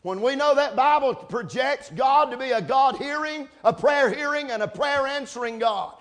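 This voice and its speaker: A man preaching a sermon, building from steady teaching to shouted emphasis, spelling out key words. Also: very high voice, moderate pace. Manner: rising to shouts, spelling out words, answering amen. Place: church service.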